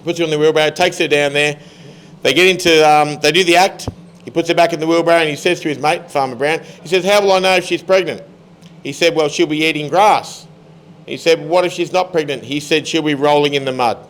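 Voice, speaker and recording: A man's voice: on the high side, steady tone, brisk, fairly bright tone. A man telling jokes casually as a guest, in a plain, easygoing way. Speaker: guest joke teller.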